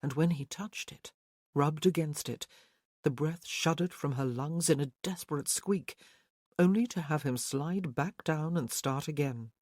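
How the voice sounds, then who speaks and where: Slow, dry-sounding audiobook narrator. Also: medium pitch, darkish tone, no echo.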